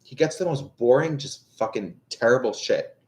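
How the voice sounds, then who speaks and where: A young man in casual livestream talk, exasperated and ranting, with frequent swearing. His pitch leaps widely up and down as he vents, at a middling register for a man. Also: animated, moderate pace. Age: young adult. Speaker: livestream tarot reader. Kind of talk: casual rambling chat.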